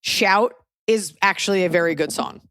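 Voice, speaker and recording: A woman's voice: medium pitch, moderate pace, a bit bright, a little hiss or hum. Wry, rambling woman podcast host. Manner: wry, rambling storytelling with put-on voices. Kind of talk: casual podcast chat.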